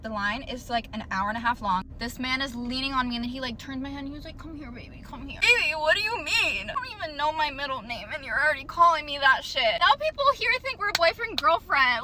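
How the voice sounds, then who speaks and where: A woman's voice: sits high, sharp tone, a little hiss or hum. A young woman telling a story in a casual, blunt way, swearing freely and using lots of "like" fillers, with sarcastic asides. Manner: exasperated, sarcastic commentary.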